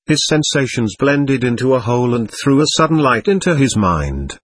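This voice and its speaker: A man reading a classic novel aloud as audiobook narrator, in a measured literary manner. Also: mid-range voice, animated, slightly rough, no room sound. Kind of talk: scripted narration.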